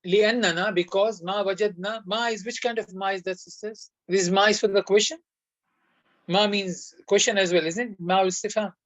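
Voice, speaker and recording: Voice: medium pitch, steady tone, fast talker, no echo, highs cut off. An Arabic teacher giving an online class lesson, who explains step by step, quizzes the students and sprinkles in devout phrases.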